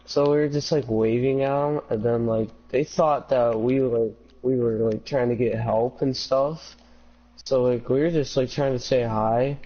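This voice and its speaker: A man's voice: steady tone, unhurried. A young man telling a story in a casual chat among friends, filling every phrase with "like". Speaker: podcast co-host. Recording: dull low-fi home recording.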